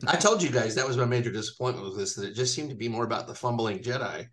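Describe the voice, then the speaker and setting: A man co-hosting a casual chat over a video call, animated and laughing often. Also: medium pitch, rapid-fire, a crowd in the background. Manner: animated, laughs often, acts out villain lines. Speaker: podcast co-host.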